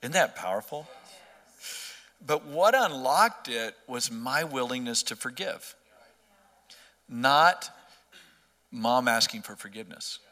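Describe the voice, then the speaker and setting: A man's voice: mid-range voice, expressive, takes it slowly, pauses often, sharp tone, in a large hall. A middle-aged man earnestly telling a personal faith story in conversation, often restarting his sentences. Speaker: interview guest.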